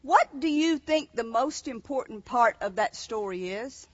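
A woman's voice: fairly high pitch, expressive, unhurried. A woman preacher reading scripture aloud and then questioning her listeners in a sermon. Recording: dull echoey hall.

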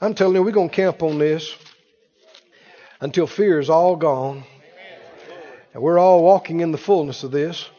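A man's voice: fairly high pitch, moderate pace, pauses often, dark tone, big-room sound, dull audio. A man preaching a sermon, emphatic and repetitive, often mimicking other people's voices. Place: church.

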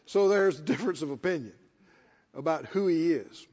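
A man's voice: a little high, lively intonation, normal speed, a little mellow. A man preaching a sermon in an emphatic, folksy way, repeating himself for effect. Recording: lo-fi with long hall reverb.

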